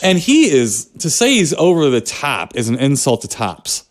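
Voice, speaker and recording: A man's voice: mid-range voice, huge pitch swings, normal speed. A man co-hosting a podcast, chatting about movies in a joking, rambling way. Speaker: podcast co-host. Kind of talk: casual movie chat.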